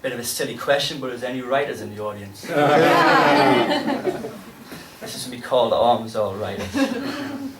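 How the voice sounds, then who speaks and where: Geordie poet performing live, dramatic bursts. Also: male voice, mid-range voice, sing-song, moderate pace, long pauses, recorded from a distance, noisy background. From North East England. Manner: dramatic delivery with sudden loud bursts. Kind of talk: live spoken-word poetry performance. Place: pub venue with a live audience. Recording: roomy live pub recording from afar.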